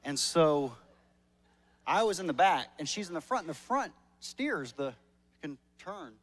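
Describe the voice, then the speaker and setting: Male pastor, fairly high voice, casual joking sermon delivery with stumbling restarts. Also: sing-song, unhurried. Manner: conversational and joking, repeats words when starting sentences. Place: church service.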